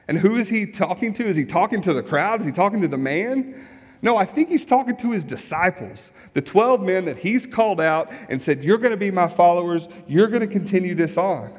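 A man preaching a sermon in a relaxed, conversational way, asking his congregation rhetorical questions as he goes. His voice sits fairly high for a man. The sound has a long reverb tail, like a large hall. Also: a little fast. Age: young adult or middle-aged, has kids. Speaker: pastor.

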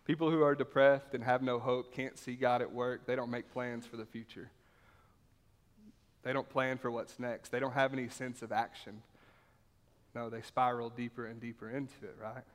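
A man's voice: medium pitch, level tone, normal speed. A man preaching a sermon and reading scripture aloud, talking conversationally, repeating points for emphasis and often asking the room "right?". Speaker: pastor. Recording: reverberant hall.

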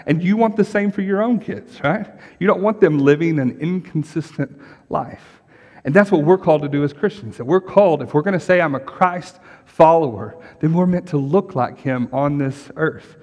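Man, middle-aged pastor, conversational sermon, slightly higher voice, long hall reverb. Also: moderate pace, a little mellow. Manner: conversational, asks the congregation questions and repeats "right?".

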